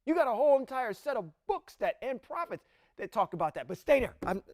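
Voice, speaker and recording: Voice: mid-range voice, big pitch swings, fairly quick, darkish tone, no room sound, clean studio sound. A podcast co-host who responds with affirmations and then gives an impassioned, preachy commentary on scripture. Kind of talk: religious podcast discussion. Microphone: podcast mic.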